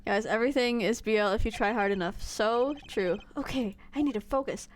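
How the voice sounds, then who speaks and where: A woman's voice: a little high, fairly quick, no room sound. A young woman streamer giving casual, giggly let's-play commentary while reading a game aloud. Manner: giggly, animated.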